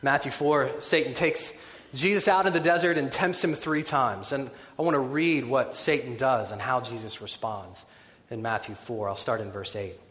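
A man preaching a sermon in a conversational, animated way, with wry humorous asides. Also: mid-range voice, moderate pace. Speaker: pastor. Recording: echoey hall with long reverb.

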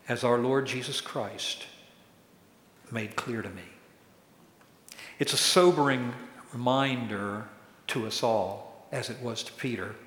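A pastor preaching a sermon, who acts out quoted questions in a raised voice. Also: male voice, medium pitch, a bit bright. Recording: echoey hall with long reverb.

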